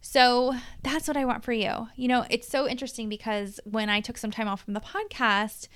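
Swearing, animated woman podcast host. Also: fairly high pitch, normal speed, smooth, dry recording. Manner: casual, animated, swears freely. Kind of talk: solo podcast monologue.

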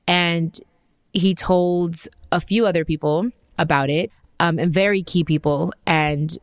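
Recorded dry at studio quality, this podcast host, a woman in her thirties with a lowish voice, relates a personal story in a loose, talkative way. She restarts sentences, uses plenty of fillers, and quotes people with animation.

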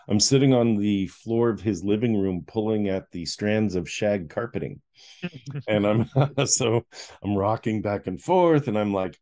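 Low, mellow-voiced man telling a story. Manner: animated storyteller who acts out scenes and laughs often. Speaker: author and interview guest. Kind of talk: personal storytelling in an interview.

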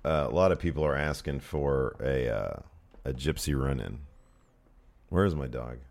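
Deep-voiced man joking on a podcast. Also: moderate pace, creaky, darkish tone. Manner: joking, rambling, swears lightly. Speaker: podcast co-host. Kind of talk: casual chat. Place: home office room being cleared out.

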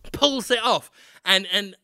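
A man telling a comic story on a podcast, animated and laughing as he goes. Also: high voice, slow, vocal fry, no room sound, studio quality. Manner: animated, laughing, acts out voices. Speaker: podcast co-host.

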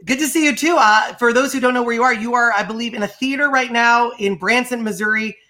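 A woman hosting a solo interview show, speaking with high energy and laughing often. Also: fast talker, pushed and bright. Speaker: podcast host.

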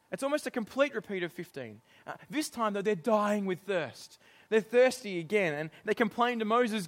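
A middle-aged man delivers a sermon in a fairly high voice. He preaches in an animated way, laughing often and acting out exasperated lines. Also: brisk.

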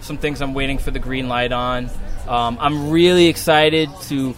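A man with a Long Island accent speaks at a middle pitch in a loose, rambling interview, stacking ums and restarts as he explains his painting. The recording is made outdoors at the wall he is painting. Music plays clearly in the background. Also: moderate pace. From Long Island, New York. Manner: relaxed, rambling, many fillers and restarts. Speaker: muralist guest. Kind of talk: casual interview.

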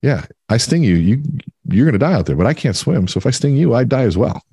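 A smooth-talking scorpion, put on by a man telling a fable. He coaxes and reasons with easy confidence. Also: mid-range voice, big pitch swings, fast talker, warm tone, no echo, clean studio sound, pitched above the performer's own voice, exaggerated voice. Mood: persuasive. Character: sly scorpion, persuasive and self-assured.

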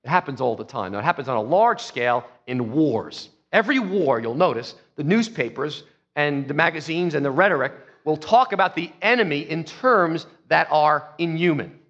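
A man preaching a sermon as pastor, telling the story emphatically and swinging between soft and loud. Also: on the high side, animated, moderate pace, in a large hall. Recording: dull lo-fi sound.

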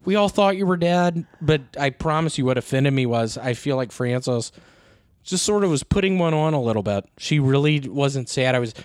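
A man's voice: medium pitch, normal speed, a little mellow, no room sound, studio quality. Rambling, foul-mouthed man telling a story. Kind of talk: casual chat.

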